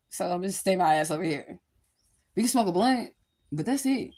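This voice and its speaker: A woman with a slightly lower voice hosts a casual livestream. She rambles candidly, swears freely and keeps turning to her viewers to check they follow. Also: a little fast, pauses often, warm tone, a little hiss or hum. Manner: addresses viewers directly. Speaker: livestream host.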